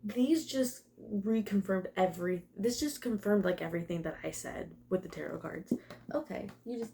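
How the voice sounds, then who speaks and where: A woman's voice: mid-range voice, normal speed, creaky, mellow, a little hiss or hum. A young woman doing a casual tarot and oracle card reading, emotional, laughing often and swearing now and then. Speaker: tarot reader.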